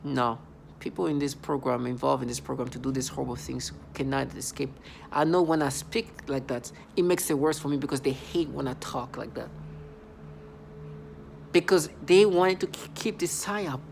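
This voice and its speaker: A vlogger speaking in a halting, repetitive, accusatory monologue. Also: mid-range voice, gravelly, darkish tone, a little hiss or hum. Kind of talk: angry vlog monologue.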